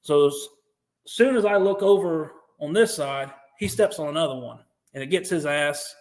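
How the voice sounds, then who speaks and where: American male guest, slightly high voice, animated, swears freely, acts out what others said. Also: moderate pace. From United States. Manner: profane, animated, acts out quotes. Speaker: podcast guest, veteran. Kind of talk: interview storytelling.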